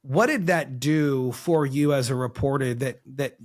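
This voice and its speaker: A man's voice: medium pitch, measured pace. A man hosting an interview. He asks questions with admiration and searches for words as he talks. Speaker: podcast host.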